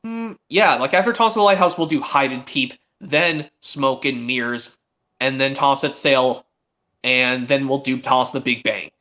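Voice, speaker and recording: A man hosting a stream, chatting excitedly as a fan and rambling with frequent restarts. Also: mid-range voice, normal speed. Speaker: stream host. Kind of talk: casual fan chat. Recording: dull lo-fi stream audio.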